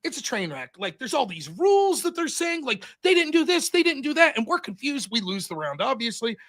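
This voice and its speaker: A man in casual podcast chat, telling stories in an animated, profane way into a close mic. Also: very high voice, a little fast. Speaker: podcast host and debater.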